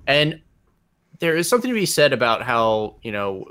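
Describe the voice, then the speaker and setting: A man's voice: mid-range voice, very animated, normal speed, a bit bright, smooth. Rambling man discussing media on a podcast. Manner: rambling, self-correcting commentary with frequent fillers. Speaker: podcast guest. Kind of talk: casual podcast chat.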